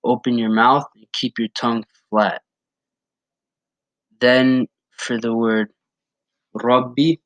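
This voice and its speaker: A man teaching how to pronounce a recitation step by step, patiently repeating words slowly to demonstrate each sound. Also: medium pitch, a bit bright, no echo, poor audio. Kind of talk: step-by-step pronunciation lesson.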